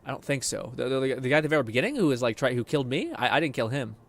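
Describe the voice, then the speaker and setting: A young man streaming a game, chatting excitably, swearing, laughing and reading chat aloud. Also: mid-range voice, very fast. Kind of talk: casual game commentary.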